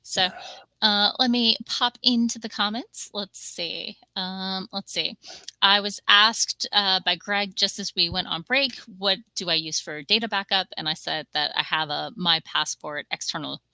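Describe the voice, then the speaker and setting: A chatty woman hosts a relaxed livestream from her home desk, bright and forceful in tone. The sound is close and dry. She is playful and now and then drops into a quiet aside. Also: mid-range voice, measured pace, no room sound, poor audio. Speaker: stream host. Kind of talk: casual chat.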